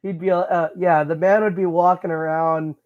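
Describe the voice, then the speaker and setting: Man, high voice, rambling improv podcast co-host, stumbles over words; dull lo-fi sound. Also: level tone, moderate pace, a little hiss or hum. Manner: rambling, stammering, acts out silly characters. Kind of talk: improvised comedy chat.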